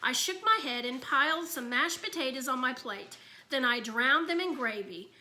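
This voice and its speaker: A woman reads a children's book aloud, telling the story expressively. Her voice is high and bright, with a crisp, lively edge. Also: moderate pace. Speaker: reader.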